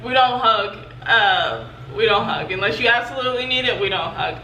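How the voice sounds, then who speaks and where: Chatting loosely on her own channel, this young adult woman fills her casual vlog talk with lots of filler words. She speaks at a normal speed in a fairly high, animated voice that sounds pushed and bright. A distant mic gives the audio a roomy feel, and there's faint noise.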